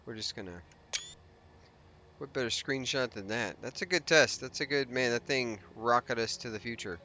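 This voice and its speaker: A man's voice: medium pitch, moderate pace, bright, forceful tone, slight background noise. A man hosting a let's play, giving casual gameplay commentary and thinking aloud as he rambles through his plans with restarts and asides.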